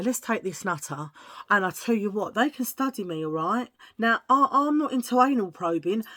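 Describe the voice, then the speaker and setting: A woman's voice: medium pitch, fairly bright tone. Chatty, joking British woman vlogger. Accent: British English. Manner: chatty, jokey, rambling, self-mocking. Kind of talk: casual haul chat to camera.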